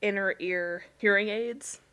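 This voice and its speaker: Woman, casual chat, laughs often, animated storyteller, mid-pitched voice. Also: unhurried. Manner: laughing, storytelling, acts out quotes.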